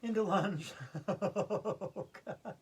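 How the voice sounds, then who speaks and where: A woman's voice: mid-range voice, extremely slow, slightly rough. A woman hosting a playful yoga routine, giggling and laughing through the poses. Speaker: yoga video host.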